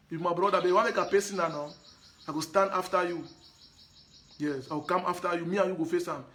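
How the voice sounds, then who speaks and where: A man's voice: high voice, fairly even intonation, fast, pushed and bright. A man speaking in a Cameroonian Pidgin accent, his voice sitting a little above the usual male range. He addresses his audience directly in a live stream monologue, hammering his points home through repetition and earnest appeals. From Anglophone Cameroon. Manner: emphatic and repetitive, pleading. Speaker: live broadcaster.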